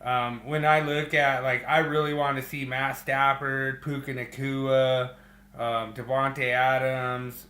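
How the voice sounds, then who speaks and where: A man hosting a football podcast in casual chat, talking in a relaxed way with many fillers. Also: mid-range voice, slow pace, reverberant. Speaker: podcast host.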